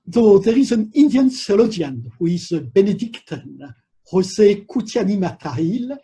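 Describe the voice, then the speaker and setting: A man lecturing on theology at a university, speaking in a measured, professorial way with pauses between phrases. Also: sits high, mellow, husky.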